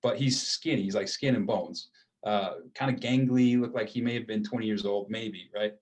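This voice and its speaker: A low-pitched American man in his thirties tells a story in a loose, easygoing way. He wanders through his sentences with plenty of fillers, like a guest chatting with a host. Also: moderate pace, poor audio. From United States. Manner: relaxed, rambling with many fillers. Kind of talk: casual storytelling interview.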